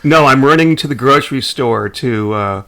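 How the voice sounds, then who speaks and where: A man co-hosting a podcast in casual chat, animated and jokey, often trailing off and restarting his sentences. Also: medium pitch, moderate pace. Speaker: podcast co-host.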